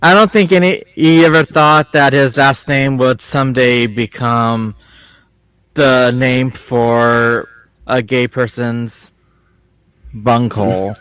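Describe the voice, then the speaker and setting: Very slow-talking man, dry sound. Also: medium pitch, fairly even intonation, fairly bright tone, smooth, dry recording. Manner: drawn-out, laughing asides. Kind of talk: casual chat.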